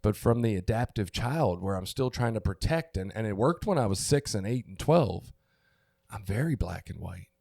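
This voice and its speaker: A middle-aged man talks candidly on a recovery podcast in a gravelly, mellow voice that sits a little low. He gropes for words, restarts, and swears casually. The sound is dry and close. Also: lively intonation, normal speed, dry recording. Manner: open, searching, stops and restarts, swears. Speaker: podcast co-host.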